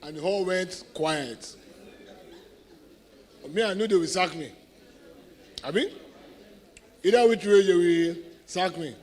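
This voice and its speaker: A man's voice: high voice, slow pace, pauses often. A middle-aged man with a Nigerian English accent, giving a motivational talk as guest speaker at a sales event, telling stories and keeping the audience engaged by asking if they follow him. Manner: animated storyteller who keeps asking the audience if they follow.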